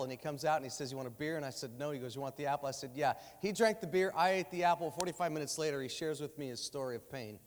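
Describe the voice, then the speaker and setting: A male preacher delivering a lively sermon from the stage, his voice sitting a little high for a man. He tells stories and acts out the dialogue in changing voices. His voice rings out with a long reverb through the church sanctuary. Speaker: guest preacher. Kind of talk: sermon with storytelling.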